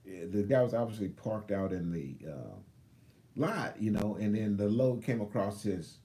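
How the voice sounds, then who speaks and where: A man in his fifties tells a long workplace story in a low voice, casually acting out each person's lines. His tone is mellow and relaxed, and he often stops to back up and start over. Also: measured pace. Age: 50s. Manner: rambling, backtracks and restarts, acts out both sides of a story. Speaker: truck driver vlogger. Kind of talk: casual storytelling on a live stream.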